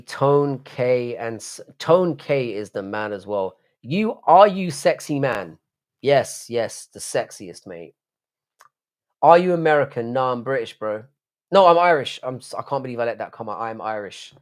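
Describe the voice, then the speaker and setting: A male livestreamer from the UK chats casually late at night, his medium-pitched voice slightly mellow and clean. He talks at a moderate pace with hardly any pauses, rambling, swearing often, and answering chat aloud.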